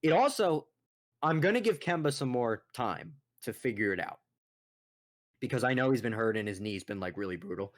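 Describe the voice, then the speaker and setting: A young man co-hosting a casual sports podcast, ranting in a profane, exasperated, animated way. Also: mid-range voice, normal speed. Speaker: podcast co-host.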